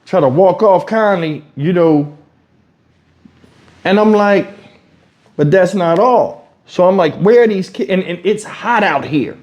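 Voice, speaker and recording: A man's voice: sits high, unhurried, pauses often, lo-fi sound. A man from Houston telling a story in a casual vlog, acting out what people said and swearing freely, recorded at home on a lapel mic. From Houston, Texas. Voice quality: animated storyteller, acts out quotes, swears freely. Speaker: YouTube commentator. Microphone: wireless lavalier mic.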